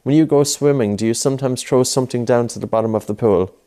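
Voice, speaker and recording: Speaking quickly in a dark, medium-pitched voice, a breathing instructor leads a child through a guided lesson. He's patient and coaxing and keeps repeating his cues.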